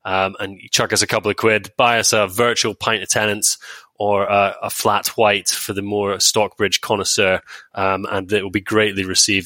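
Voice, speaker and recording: A man's voice: fairly low pitch, little pitch movement, moderate pace, pushed and bright, no echo. A man hosting a casual podcast, wry and chatty, with plenty of ums. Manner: wry, chatty, reading out plugs with many ums. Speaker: podcast host.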